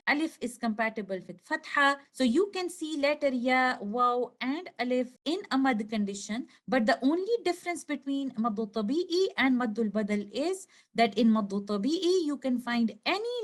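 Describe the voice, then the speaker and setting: A woman teaching a recorded lesson over slides, explaining slowly and clearly and stretching out each example word. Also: fairly high pitch. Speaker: tajweed teacher.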